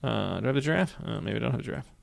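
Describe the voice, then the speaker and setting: Fast-talking man with a gravelly voice. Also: mid-range voice, lively intonation, no room sound. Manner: upbeat, repeats phrases while narrating clicks. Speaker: software instructor. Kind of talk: screen-recorded tutorial.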